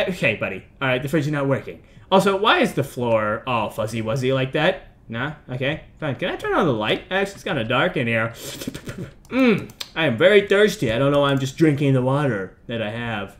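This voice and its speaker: A man's voice: mid-range voice, fairly bright tone. A man giving rambling, joking let's-play commentary on a horror game, jumping between mock outrage and mumbled asides. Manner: rambling, jokey, chatting to himself and characters.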